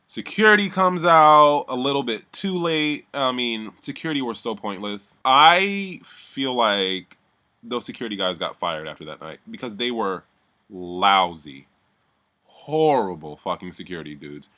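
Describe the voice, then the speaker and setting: A man's voice: medium pitch, sing-song, a little slow, pushed and bright. A man giving a heated, profane recap of a reality show, talking animatedly and mimicking the people he describes. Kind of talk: heated casual recap rant.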